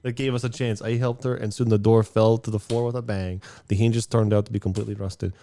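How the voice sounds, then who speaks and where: A man's voice: lowish voice, flat delivery, fast, dark tone. Man reading a game aloud casually. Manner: reads narration and chats with laughs. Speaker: let's play co-host.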